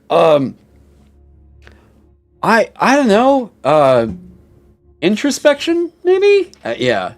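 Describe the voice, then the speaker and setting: A young man streaming casually, reading chat aloud and reacting with animated, swear-filled mock outrage. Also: medium pitch.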